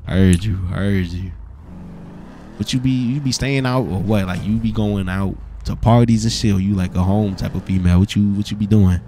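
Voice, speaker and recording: A young man with a New York accent, slangy and relaxed, roleplaying a date while sounding sick and stuffy. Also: lowish voice, brisk, slight background noise. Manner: slangy, repeats "you feel me". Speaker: streamer playing a character. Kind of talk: casual roleplay chat.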